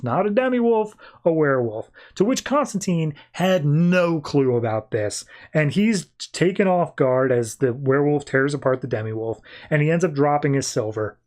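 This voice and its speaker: A man's voice: a little high, animated, moderate pace, hardly any pauses, a little mellow. A man hosting a podcast, recapping a comic book in a rambling, informal way with many fillers. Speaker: podcast host.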